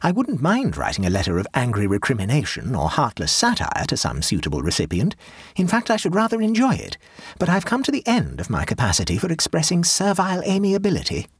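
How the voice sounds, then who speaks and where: In an audiobook, a male reader voices a tired, sardonic Edwardian society wife with weary defiance and a wry, husky edge. Her voice leaps high and low with lively scorn, close and dry with no room sound. The performance is heavily acted and a little fast.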